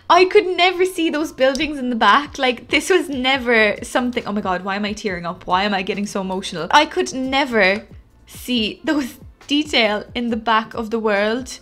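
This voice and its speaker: Young woman gushing over a game, chatty, lots of "like", kinda high voice. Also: fairly bright tone. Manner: gushing, chatty, with many "like" fillers. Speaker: Sims gaming YouTuber. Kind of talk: casual gameplay commentary.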